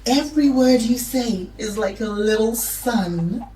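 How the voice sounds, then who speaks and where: A woman narrates for toddlers in a soft, encouraging way and speaks slowly. She sounds distant, in an echoey space. A faint hiss sits under her voice. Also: medium pitch. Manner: soft, encouraging, sometimes whispering. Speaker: narrator of a children's lesson. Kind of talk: gentle storytelling narration for toddlers.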